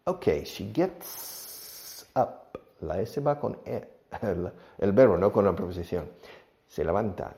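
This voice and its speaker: A middle-aged man teaching an English lesson, acting out both sides of question-and-answer drills. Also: mid-range voice. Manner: animated, switches between teacher and pupil voices in drills.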